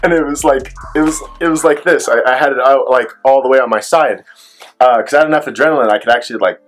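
A fast-talking young man of medium pitch tells a personal story for his vlog. It's a rambling retelling packed with "like," and he voices the people he quotes.

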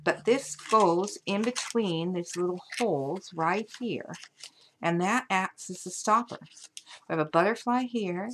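A woman's voice: mid-range voice, slow pace, a bit bright, slight background noise. A woman showing off a handmade paper album, chatty and gushing over the materials as she walks through each page. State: hiccups. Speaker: paper craft designer. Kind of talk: craft show-and-tell tutorial.

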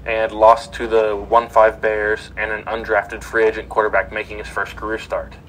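A man with a fairly low voice reads sports headlines on a casual podcast, stumbling through frequent ums and uhs. A faint hiss of noise sits under his voice. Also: monotone, moderate pace, rough recording. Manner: reads headlines with many fillers. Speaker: podcast host reading sports news. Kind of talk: casual sports news chat.

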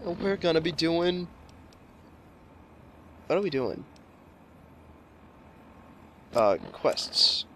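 A man's voice: fairly high pitch, animated, slow, a bit bright, a little hiss or hum. A man casually commenting on gameplay, jokey and rambling with lots of swearing. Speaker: let's play host.

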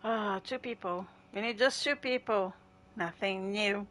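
A woman with a mid-range, fairly bright voice livestreams gameplay at a measured pace, chatting casually with her viewers. She laughs often and greets people in chat by name.

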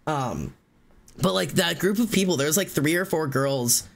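A man streaming live, telling a long story in casual chat, rambling and fast with many fillers and restarts. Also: fairly high pitch, animated, creaky.

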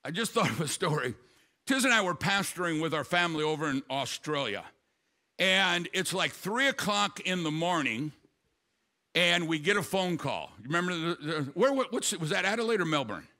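An older man preaching a sermon as pastor, with quick storytelling asides and sudden loud emphatic bursts. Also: on the high side, big pitch swings.

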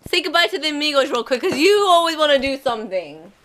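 A woman's voice: high voice, sing-song, fast talker, fairly bright tone, slight background noise. A young woman filming a casual family vlog at home at night, playful and teasing, laughing often. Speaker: vlogger.

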